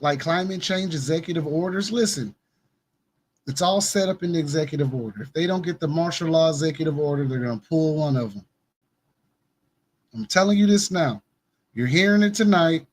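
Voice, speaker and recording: A man with a slightly raised pitch hosts a casual conspiracy news commentary. He speaks emphatically, pressing each point and repeating it for the listener. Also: a little hiss or hum. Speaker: host of a news commentary show.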